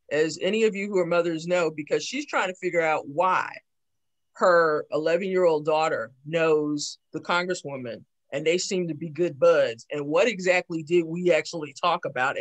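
A woman in her sixties from New York City, giving a lively talk about her life and acting out remembered conversations. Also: deep voice. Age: 60s. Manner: lively storyteller who acts out remembered dialogue. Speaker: invited speaker, town council member. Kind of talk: personal storytelling talk.

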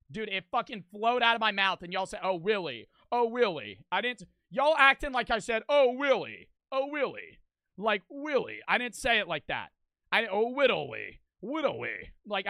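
Bright, crisp young man streaming. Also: high voice, dry recording. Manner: profane, blunt, animated. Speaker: streamer reacting to a video. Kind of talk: casual stream commentary.

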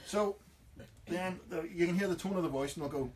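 A man's voice: sits high, very animated, fairly quick, a bit bright. A man with a Northern Irish accent hosting a comic radio chat, acting out everyday phrases in jokey voices. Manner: jokey, acts out overheard phrases. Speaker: radio host.

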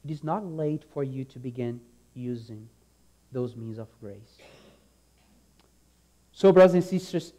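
A man delivering a sermon at a slow, deliberate pace. His tone is warm and mellow, and he is earnest and emphatic, often repeating a key phrase and trailing off softly at the ends of lines. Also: medium pitch. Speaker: preacher.

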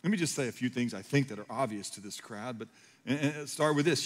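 A man's voice: mid-range voice, animated, a little fast. Emphatic preaching man in a reverberant hall. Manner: swings from hushed to loud, emphatic preaching. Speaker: pastor. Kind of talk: sermon.

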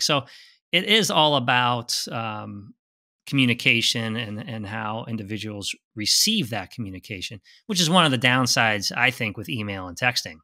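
A man's voice: mid-range voice, lively intonation, moderate pace, sharp tone. A man co-hosting a podcast who asks his partner questions, often stumbling and repeating words as he talks. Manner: inquisitive, stammers and repeats words. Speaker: podcast co-host. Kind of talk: casual conversational chat.

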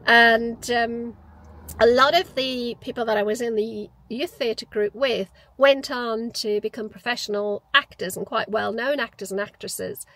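A woman in her fifties talks to camera about her past. Her voice sits a little high, and her manner is reflective and chatty, with false starts and fillers as she gathers her thoughts. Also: steady tone, measured pace, a bit bright, rough recording. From Newcastle, England. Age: 50s. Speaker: vlogger. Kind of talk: casual personal storytelling.

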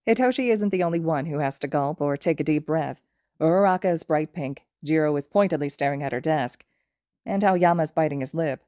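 Woman narrator, lowish voice, dry close sound, steady expressive fan-fiction reading. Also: brisk, no echo. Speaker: podfic reader.

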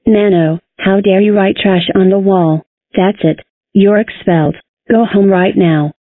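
Cast a female text-to-speech voice as a strict cartoon teacher, mid-pitched, dry, tinny. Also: fairly even intonation, unhurried, no room sound, natural voice. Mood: scolding. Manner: stern, scolding. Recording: tinny phone-like sound.

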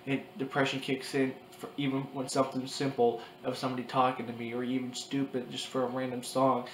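A young man in his early twenties cries as he talks to his camera in a personal vlog. His voice stays flat and monotone, halting, restarting and repeating himself. The room is echoey, with a faint hiss behind him. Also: mid-range voice. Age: 20s. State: crying. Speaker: vlogger. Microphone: camera mic.

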